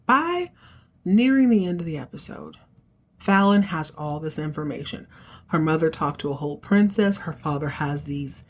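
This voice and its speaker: A woman hosting a podcast, casually recapping a TV episode and acting out the characters' lines with slangy, animated asides. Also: low voice. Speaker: podcast host recapping a TV show. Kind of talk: casual recap with acted-out dialogue.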